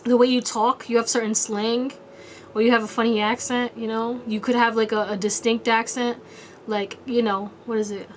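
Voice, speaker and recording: A chatty woman reads tarot cards in a loose, casual way, laughing often and swearing freely. Her voice sits a little high for a woman. A faint hiss runs under the recording. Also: level tone, normal speed. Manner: playful high-pitched quoted voices. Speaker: tarot reader. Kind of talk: casual pick-a-card tarot reading.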